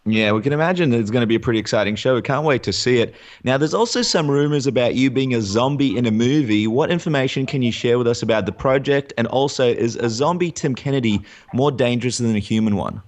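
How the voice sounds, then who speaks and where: A male co-host opens the show with a smooth, scripted introduction, then puts questions to the guest. He speaks in an even, announcer-like manner. His pitch sits in a middle range. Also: fast talker, hardly any pauses. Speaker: radio co-host.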